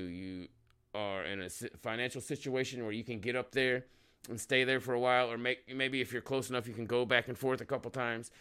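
A man's voice: mid-range voice, a bit bright, clear, resonant tone. A male podcast host giving heated, rambling, profanity-laden casual commentary.

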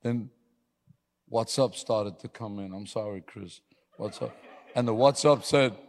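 A man preaching a sermon, telling personal stories with a laugh and building to loud, emphatic exhortation. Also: on the low side, unhurried, long pauses. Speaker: pastor. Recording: long hall reverb.

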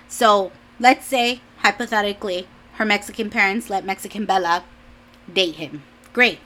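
Chatty young woman, bright rambling voice. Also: mid-range voice, normal speed. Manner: rambling, chatty, full of "like"s and restarts, laughs often. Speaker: vlogger. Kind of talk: casual chat.

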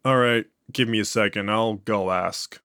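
A man's voice: lowish voice, fairly even intonation, unhurried, bright, forceful tone, dry recording, clean studio sound. A man voicing a male interrogator who reasons earnestly with his subject. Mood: patient. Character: patient male interrogator losing his nerve.

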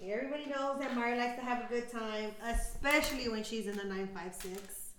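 A woman's voice: a little high, fairly quick, fairly bright tone, roomy sound, slight background noise. A woman co-hosting a podcast, telling stories in casual, slangy chat full of ums. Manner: chatty storyteller, slangy, frequent ums. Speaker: podcast co-host.

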